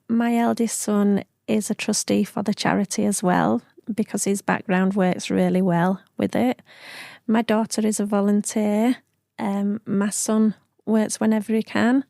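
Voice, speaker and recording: Gravelly-voiced woman with a broad Yorkshire accent. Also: mid-range voice, warm tone, no room sound, studio quality. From Yorkshire, England. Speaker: charity founder, guest. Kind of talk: casual interview chat.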